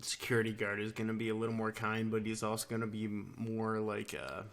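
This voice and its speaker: A man co-hosting a casual chat with his brother, easygoing and slow to get his words out, using lots of fillers. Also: lowish voice, fairly even intonation, vocal fry, fairly bright tone. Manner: easygoing, hesitant with many fillers. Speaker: podcast co-host.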